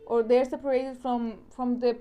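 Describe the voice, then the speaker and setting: A woman's voice: fairly high pitch, level tone, moderate pace, mellow, smooth. A woman with a Spanish accent teaching an online science lesson, explaining step by step and often repeating or restarting words. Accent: Spanish-speaking.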